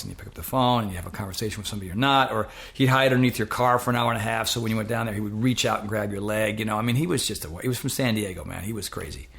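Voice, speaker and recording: Middle-aged man, interview guest: low gravelly voice, animated storyteller. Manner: animated anecdote-telling, acts out quoted voices. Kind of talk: casual storytelling.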